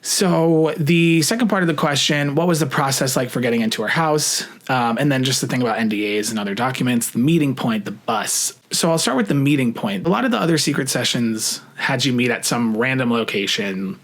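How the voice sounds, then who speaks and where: A young adult man casually telling a story to camera, chatty and profane, full of "like" fillers, rushing some phrases and drawing out others. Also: medium pitch, expressive. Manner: shifts between rushed and drawn-out phrasing. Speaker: vlogger.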